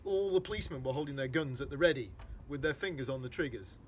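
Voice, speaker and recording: Animated man reading a children's story aloud. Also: medium pitch, fast, a little hiss or hum. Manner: explains hard words for children.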